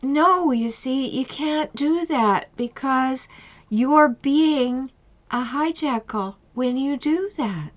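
Woman coach talking advice, pushes pointed questions hard, voice a bit high, dull lo-fi sound. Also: slow. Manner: emphatic, repeats pointed questions. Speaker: relationship coach. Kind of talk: advice monologue with retold client stories. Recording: dull lo-fi recording.

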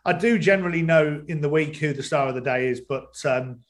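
A man's voice: on the high side, a little fast. A man, a stadium announcer and guest, telling his story at a casual pace with many fillers. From England. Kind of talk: casual interview chat.

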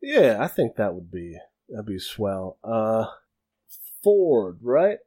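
Halting man running a tabletop game. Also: on the low side, very animated, mellow. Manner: halting, many fillers and restarts. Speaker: game master.

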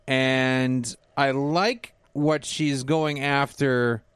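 A man and father, co-hosting a casual music podcast, blunt and quick to swear. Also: mid-range voice, fairly even intonation, fairly bright tone, clear, resonant tone, no echo. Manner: blunt, swears a lot when annoyed. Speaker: podcast co-host. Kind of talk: casual music review chat.

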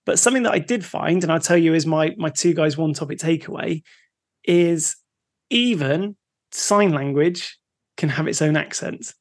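A man co-hosting a casual podcast, easygoing and quick to laugh as he shares facts. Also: a little high. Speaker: podcast co-host.

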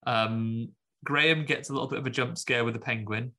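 Guy taking the mick out of a movie, bright sharp voice. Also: mid-range voice, steady tone, brisk. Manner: sardonic, acts out scenes in mocking voices. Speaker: podcast co-host. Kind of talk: casual film chat.

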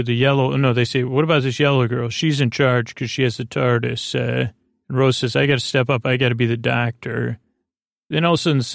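A man hosting a sleep podcast, recapping an episode in a rambling, hesitant way with many pauses. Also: mid-range voice, creaky, no room sound, studio quality. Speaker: podcast host.

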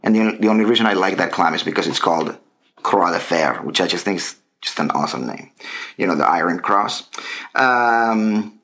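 A man's voice: low voice, a little fast. A middle-aged man co-hosting a casual chat, ranting and mocking himself. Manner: ranting, self-mocking, animated. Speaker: podcast co-host.

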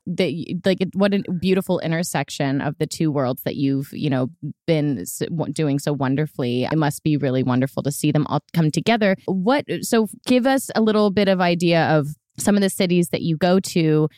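A woman's voice: deep voice, brisk, darkish tone, no room sound, studio quality. A woman hosting an interview, bubbly and self-deprecating, asking rambling questions. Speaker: podcast host. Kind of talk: casual interview chat.

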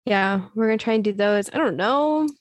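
A woman's voice: medium pitch, moderate pace, dry recording. A young woman in casual podcast chat, talking in an easygoing way and laughing often.

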